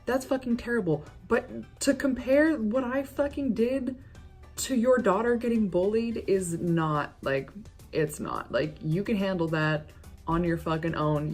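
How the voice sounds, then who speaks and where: A woman's voice: fairly low pitch, darkish tone. A woman chatting through a makeup vlog, rambling and swearing freely as she defends herself. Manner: defensive ranting. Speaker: beauty vlogger.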